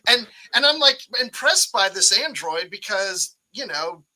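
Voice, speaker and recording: A man chatting on a discussion panel in a very bright, sharp-edged voice, pitched a little high. He rambles and halts, backing up to rephrase his thoughts. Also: very animated, poor audio. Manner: rambling, halting and self-correcting. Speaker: panelist on a fan discussion show. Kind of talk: casual panel chat.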